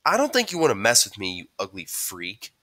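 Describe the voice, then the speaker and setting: A man's voice: lowish voice, huge pitch swings, brisk, a bit bright, heavily acted. A man doing a jeering teen bully, raised and mocking. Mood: taunting. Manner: jeering, taunting.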